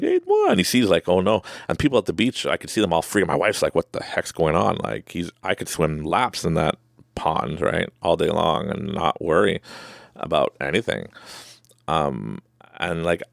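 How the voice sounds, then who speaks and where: A man's voice: low-pitched, gravelly, dry recording, studio quality. A man hosting a podcast, telling a personal story casually and with animation, acting out his own reactions and laughing often. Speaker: podcast host.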